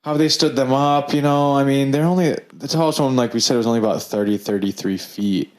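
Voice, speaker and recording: A man with a medium-pitched, somewhat dark voice talks fairly quickly as a podcast co-host. The chat is casual and rambling, packed with fillers and restarts.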